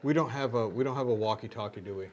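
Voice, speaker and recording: A man's voice: mid-range voice, fast, dull audio. A man on a live ghost-hunting stream, talking in a hesitant, musing way that often trails off. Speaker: paranormal investigator.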